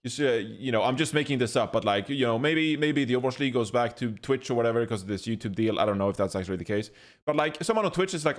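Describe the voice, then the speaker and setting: Male podcast host, lively pitch, mock-serious moderator. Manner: drawn-out, mock-serious questioning. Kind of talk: casual chat.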